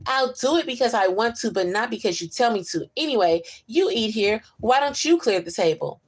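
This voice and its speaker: A woman's voice: on the high side, expressive, normal speed. A woman playing a sulky cheeky little girl, talking back, storybook reading. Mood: impudent.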